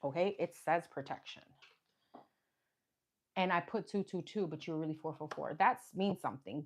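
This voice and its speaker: Chatty low-voiced woman reading tarot. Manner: chatty, thinks aloud while naming cards. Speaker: tarot card reader. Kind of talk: casual live tarot reading. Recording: clear background noise.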